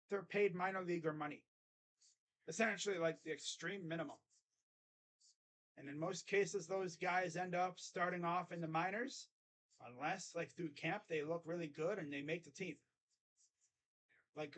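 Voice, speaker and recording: A young man doing live fan play-by-play, chatty and rambling, jumping to excited calls on each pitch.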